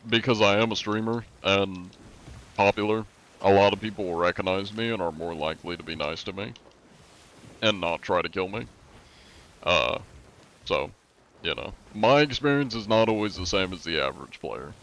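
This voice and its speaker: A man's voice: sits low, normal speed, pauses often, a bit bright. An American man streaming a game and chatting casually with his viewers in a laid-back, rambling way, full of fillers. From USA. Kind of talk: casual chat with viewers while gaming.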